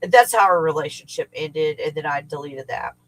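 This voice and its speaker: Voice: medium pitch, brisk, soft background music, rough recording. A middle-aged host talks off the cuff on a livestream, wandering from point to point. Swearing comes easily and often, in a loose, venting, conversational way. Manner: rambling, profane, venting with frequent swearing. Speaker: livestream host and remote viewing teacher. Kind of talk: casual livestream chat. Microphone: livestream setup.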